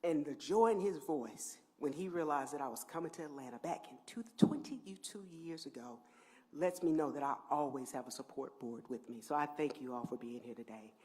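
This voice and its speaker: Middle-aged woman at a podium mic, heartfelt thank-yous, goes from hushed to big and loud. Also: a bass voice, a little fast. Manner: heartfelt thank-you speech, swinging from near-whispers to loud emphatic peaks. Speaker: head of a housing agency. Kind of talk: public speech at a press event.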